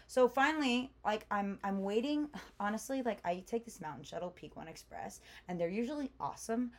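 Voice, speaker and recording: A young woman co-hosting a podcast tells a long, animated story in casual chat, stuffed with fillers. Her voice is mid-range and brisk.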